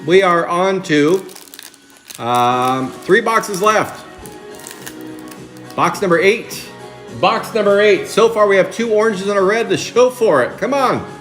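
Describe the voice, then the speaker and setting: Excitable man hosting a card break. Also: high voice, slow pace, pauses often, soft background music. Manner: chatty, excitable, calls out card names. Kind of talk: live card break chat.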